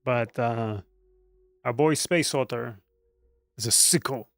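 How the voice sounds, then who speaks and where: Slow-talking male game streamer. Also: medium pitch, no echo, clean studio sound. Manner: chatty, joking, greets viewers by name. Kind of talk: casual game stream chat. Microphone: studio USB microphone.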